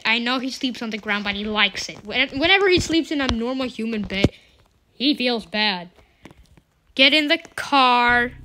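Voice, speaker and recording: A woman giving playful gameplay commentary, excitable, with sudden squealing exclamations. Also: a little high, rough recording.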